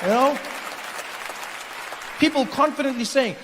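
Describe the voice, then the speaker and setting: A male stand-up comedian telling an animated, playful story to a live audience on a large theater stage. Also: very high voice, moderate pace, pauses often, long reverb tail, slight background noise. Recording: live theater, crowd laughter.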